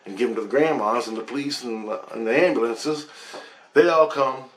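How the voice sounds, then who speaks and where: A man's voice: medium pitch, brisk, a little hiss or hum. A man telling a rambling story about his dreams, profane and agitated. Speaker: vlogger.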